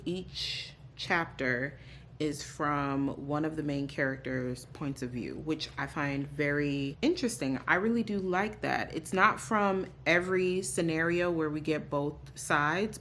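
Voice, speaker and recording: A woman's voice: low-pitched, slow, a bit bright, a little hiss or hum. A young adult woman chatting casually in a reading vlog, giving candid, opinionated reactions to books. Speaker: book vlogger.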